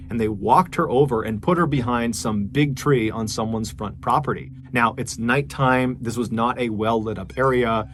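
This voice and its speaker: A man hosting a podcast, telling a true crime story in a conversational, earnest way. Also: mid-range voice. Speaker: podcast host.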